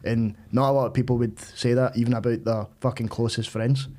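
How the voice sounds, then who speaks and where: A man's voice: medium pitch, fairly even intonation, brisk, a little mellow. A man, a comedian guest in casual chat, blunt and sweary, calling the other man mate.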